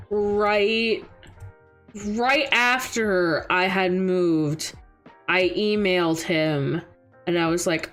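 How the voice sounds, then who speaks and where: Young woman vtuber rambling thru a story, slow, lots of "like", faint music behind. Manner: rambling heartfelt storytelling with many fillers; acts out quoted voices in a higher pitch. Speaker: VTuber streamer. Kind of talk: casual chat.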